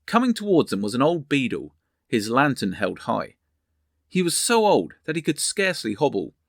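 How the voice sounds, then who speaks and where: Lively male storyteller reading history. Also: medium pitch, gravelly, no room sound, clean studio sound. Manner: measured, storytelling. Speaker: history narrator. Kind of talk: reading history and a novel aloud.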